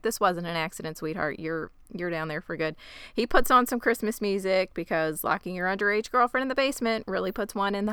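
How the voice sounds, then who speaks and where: A woman co-hosting a podcast, retelling a story in casual chat with wry, sarcastic asides and quick acted-out lines. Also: medium pitch, fairly bright tone, smooth, no echo, studio quality. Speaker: podcast co-host recapping a show.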